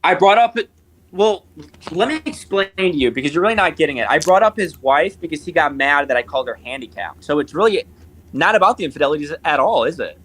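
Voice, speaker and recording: A man with a bright, cutting voice argues on a live stream, mocking the other side with sharp jabs. His pitch leaps up and down as he presses his points, and he stays combative and scornful throughout. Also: animated, fast talker, rough recording. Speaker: guest in a live debate. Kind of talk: heated live-stream argument.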